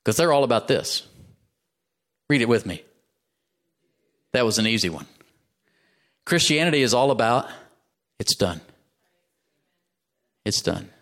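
A man's voice: mid-range voice, a bit bright. A male pastor preaching a sermon, emphatic and leading the congregation in call-and-response.

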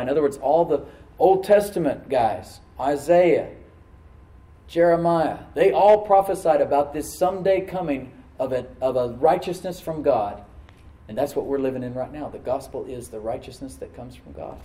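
A man preaching a sermon, swinging between loud, emphatic surges and quiet, confiding asides, and calling on the congregation to answer back. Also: medium pitch, moderate pace, roomy sound, far from the mic, rough recording. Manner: calls for responses from the congregation. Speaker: pastor.

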